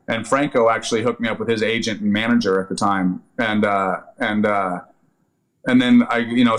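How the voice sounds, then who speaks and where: Fast-talking man telling a story. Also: fairly low pitch, low-quality recording. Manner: lively anecdotal retelling, profane, many fillers. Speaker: podcast guest, actor and army veteran. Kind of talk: casual storytelling interview.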